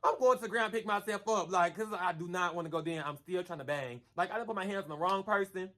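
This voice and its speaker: A man telling a story in a casual storytime vlog, animated and slangy, who keeps calling the listener "girl" and acts out the punches with sound effects. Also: sits high, fast talker. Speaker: storyteller vlogger.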